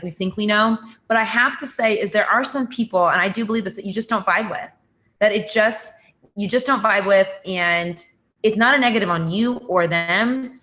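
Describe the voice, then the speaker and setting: A woman's voice: mid-range voice, sharp tone. A woman speaking as a workshop guest, giving advice casually and peppering her talk with "like". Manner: casual, many fillers like "like".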